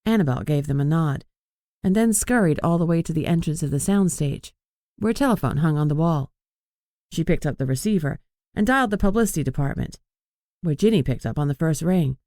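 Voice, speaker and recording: A man reading an audiobook in an even, measured narration. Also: fairly high pitch, dry recording, clean studio sound. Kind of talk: scripted narration.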